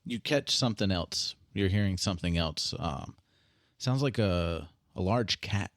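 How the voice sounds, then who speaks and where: A man narrating a tabletop game as dungeon master, describing scenes in a halting way. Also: sits low, lively intonation, no room sound, clean studio sound.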